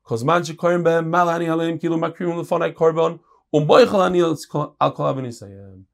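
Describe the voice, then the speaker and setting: Man teaching Talmud, gravelly and fairly high. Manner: reads quick Aramaic passages, then explains them in casual English. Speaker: Torah teacher. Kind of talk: Talmud class.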